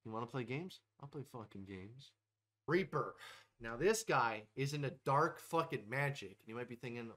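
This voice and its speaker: A man's voice: medium pitch, lively intonation, normal speed, fairly bright tone. A young man hosting a comedic tier-list video, ranting brashly with constant swearing and mock-tough bravado. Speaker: host ranking game characters.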